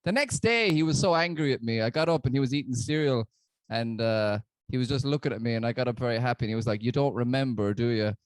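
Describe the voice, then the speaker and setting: Irish male comic, deadpan stand-up delivery, close dry sound. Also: medium pitch, quick pace, dry recording. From Ireland. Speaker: stand-up comedian. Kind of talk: stand-up set.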